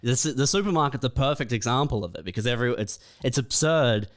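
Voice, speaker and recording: A man co-hosting a comedy podcast, laid-back and halting, musing in mock-philosophical tones. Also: medium pitch, expressive. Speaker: podcast co-host. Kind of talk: casual comedic podcast chat.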